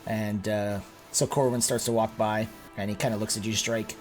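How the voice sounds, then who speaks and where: A man's voice: lowish voice, little pitch movement, normal speed, few pauses, a little mellow, faint music behind. Casual male game master. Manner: casual, filler-heavy descriptions. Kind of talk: narrating a tabletop game.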